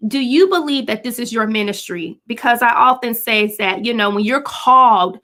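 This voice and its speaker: High-voiced, animated woman talk host. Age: adult parent of a five-year-old. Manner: animated, expressive, quick to act out scenes. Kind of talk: faith-based talk show conversation.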